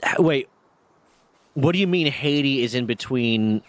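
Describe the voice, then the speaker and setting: A man hosting a casual stream, chatting with a co-host and reading chat aloud, joking and rambling with quick asides. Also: mid-range voice, expressive, no room sound.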